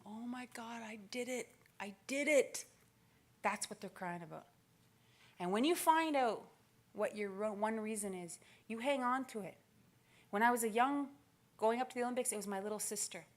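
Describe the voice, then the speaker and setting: A woman in her forties giving a motivational keynote speech, telling stories with lively acted-out quotes. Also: medium pitch, moderate pace. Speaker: keynote speaker. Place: conference stage.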